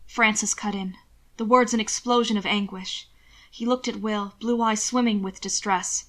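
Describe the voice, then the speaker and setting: Woman narrating a novel softly. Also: mid-range voice, fairly even intonation, normal speed. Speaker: audiobook narrator.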